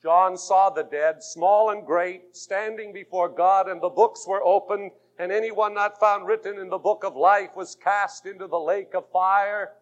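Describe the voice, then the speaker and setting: High-voiced preacher on muffled old tape. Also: male voice, fairly even intonation, a little slow, few pauses. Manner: swings from shouted fervor to hushed intimacy. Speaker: pastor. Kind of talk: sermon.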